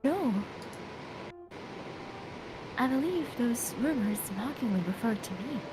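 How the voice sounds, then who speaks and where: A timid young lady, voiced by a woman in a casual game read-through speaks in halting, formal, apologetic phrases. Her voice sits high. Clear background noise hangs under the recording. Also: animated. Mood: hesitant. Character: timid, polite young woman of strange appearance.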